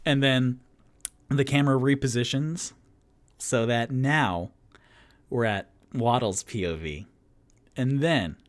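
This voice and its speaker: A young man narrating and running a solo tabletop game, excitable and rambling. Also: mid-range voice. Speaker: game master and solo player.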